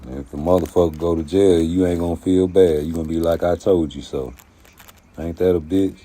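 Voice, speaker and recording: Here a YouTube commentary host speaks in a low voice at a slightly fast pace. It's a casual rant, streetwise and profane, told with animated energy on his own channel.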